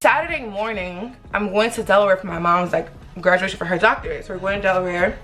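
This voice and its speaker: Bright-voiced young woman vlogging. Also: medium pitch, fast. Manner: animated, talks straight to viewers. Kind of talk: casual storytime vlog.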